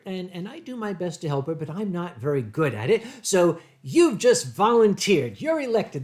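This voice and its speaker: An older American man hosting a livestream, answering viewer chat in a rambling way with deadpan humor. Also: high voice. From United States. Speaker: livestream host.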